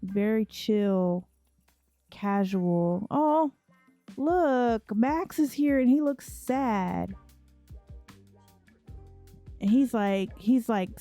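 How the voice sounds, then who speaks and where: Woman, unhurried let's play chatter, mellow tone, faint music behind. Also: fairly high pitch, animated. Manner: chatty, talks to her characters. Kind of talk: casual gameplay commentary.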